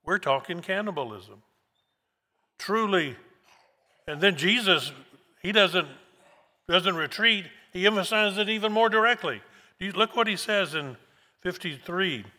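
A man preaching a sermon verse by verse, slow and emphatic, repeating key words for weight. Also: high-pitched, bright, forceful tone. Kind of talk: expository sermon. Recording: long hall reverb.

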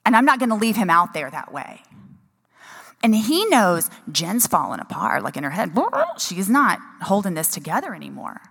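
A woman's voice: on the low side, big pitch swings, normal speed, creaky, a bit bright. Chatty woman in a reverberant hall. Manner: chatty and emotional, many restarts. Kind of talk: personal story in a talk.

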